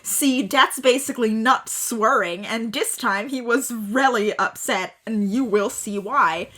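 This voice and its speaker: A woman's voice: fairly high pitch, unhurried, hardly any pauses, fairly bright tone. A woman co-hosting a podcast, reading fan fiction aloud with theatrical delivery, giggling and joking between lines. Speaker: podcast co-host.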